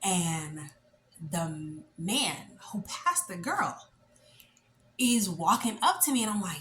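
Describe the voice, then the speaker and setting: A woman in her late twenties telling a story in a casual, animated, chatty way, full of fillers. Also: on the low side, takes it slowly, a little hiss or hum. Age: late 20s. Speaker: vlogger. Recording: echoey room with faint ambience.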